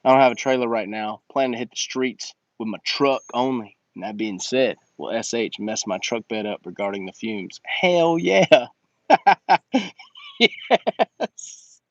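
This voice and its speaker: A man's voice: lowish voice, fairly even intonation, normal speed, hardly any pauses, no echo, lo-fi sound. A man hosting a casual livestream Q&A and coaching business owners in slangy, emphatic talk that repeats his points.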